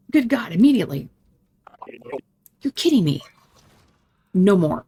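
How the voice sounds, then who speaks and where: A woman's voice: medium pitch, very animated, unhurried, warm tone, husky, no room sound. A woman hosting a gaming channel, reading game dialogue aloud in a let's-play and switching voices dramatically between the characters.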